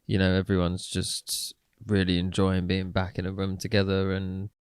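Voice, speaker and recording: A man's voice: deep voice, completely flat delivery, normal speed, clean tone, no echo, studio quality. A man in a band answering interview questions, easygoing and giggly, with many fillers. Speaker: band member. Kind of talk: casual interview chat.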